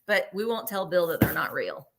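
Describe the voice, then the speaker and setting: A woman's voice: on the low side, sing-song, moderate pace, creaky, fairly bright tone. A woman hosting a live online vintage sale, chatting in a rambling way about each item and counting down the bids. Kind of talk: live online sales chat.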